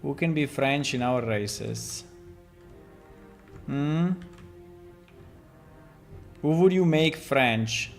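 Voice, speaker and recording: A man who develops a game, chatting casually and thinking aloud on a stream, amused and relaxed. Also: mid-range voice, drawn-out words, creaky, long pauses, soft background music.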